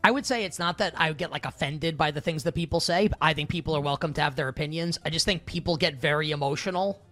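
A man co-hosting a betting podcast with a bright, forceful tone that sits a bit higher than most men. He answers calmly and firmly, and faint music runs behind him. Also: quick pace. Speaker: podcast co-host. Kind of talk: casual sports betting chat.

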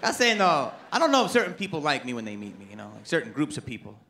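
A man performing a stand-up comedy set on stage, animated and putting on voices for his characters. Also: mid-range voice, quick pace, gravelly. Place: comedy club stage with audience. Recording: live stage mic with loud crowd noise.

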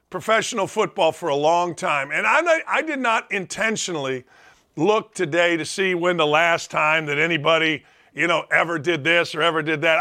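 A man hosting a sports talk show, delivering a blunt, emphatic, opinionated monologue and repeating his points for punch. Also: sits high. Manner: blunt, emphatic, repetitive, acts out shouted quotes.

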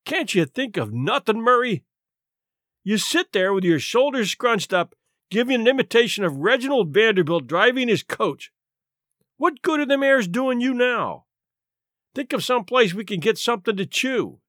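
A man voicing a hungry, blustering, stout former police captain who growls and grumbles loudly in a storybook reading. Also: very high-pitched, big pitch swings, normal speed, no room sound, clean studio sound, voice pushed up, exaggerated voice. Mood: grumbling. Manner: growling, grumbling, loud and huffy.

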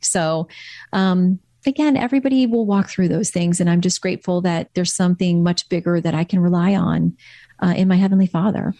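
A woman's voice: fairly low pitch, brisk, dark tone, no room sound. A woman guest in a candid interview, talking earnestly and reflectively about her faith.

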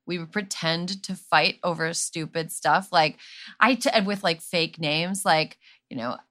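A woman's voice: lowish voice, measured pace, fairly bright tone. A woman hosting a podcast who chats casually, laughs easily and tells playful stories. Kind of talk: casual chat.

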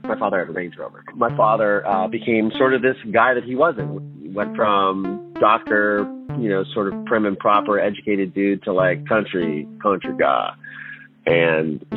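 A man recounting his childhood in a candid, halting way, with nervous laughs. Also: lowish voice. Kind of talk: personal testimony. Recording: tinny phone-like line with faint music.

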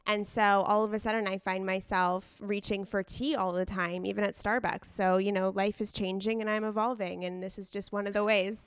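Smooth-voiced chatty young woman podcaster. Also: medium pitch, little pitch movement, moderate pace, few pauses, no echo, clean studio sound. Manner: chatty and self-deprecating, with many fillers and restarts. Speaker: podcast co-host. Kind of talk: casual podcast chat.

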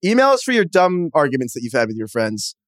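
A man's voice: a little high, fast, no echo, clean studio sound. A man co-hosting a podcast, joking around in casual banter and running the sign-off. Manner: animated, joking, runs the sign-off. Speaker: podcast co-host.

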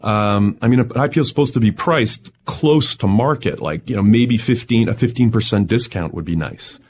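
Recounting a wild day in a lively interview, a tech entrepreneur guest with a fairly low voice speaks at a moderate pace. His excitement builds as he goes, laughter breaks through, and his storytelling tone stays energetic throughout.

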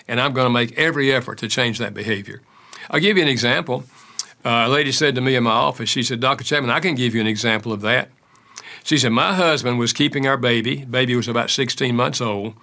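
An older man who works as an author and counselor answers interview questions with anecdotes, acting out the dialogue he quotes. His voice is medium in pitch, pushed and bright.

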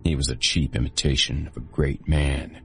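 Very deep-voiced man narrating grimly. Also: normal speed, soft background music. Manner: grim, steady, graphic telling. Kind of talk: first-person story narration.

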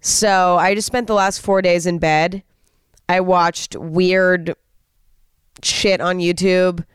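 A woman's voice: fairly low pitch, fairly even intonation, slow, clean tone, no echo, clean studio sound. A young woman hosting a podcast alone, talking in a candid, chatty way and swearing freely. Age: young adult. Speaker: podcast host. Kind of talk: casual solo podcast monologue.

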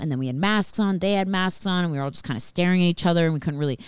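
Casual podcast host, female, low pitch, swears freely, dry close recording. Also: racing, few pauses, smooth, no room sound. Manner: animated, swears constantly, anxious rambling. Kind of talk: casual storytelling monologue.

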